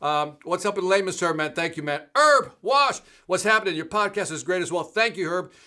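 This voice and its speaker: A man's voice: high-pitched, animated, brisk, pushed and bright. A middle-aged man hosting a live sales show, chatting casually and greeting viewers by name with energy. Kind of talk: casual live-stream chat.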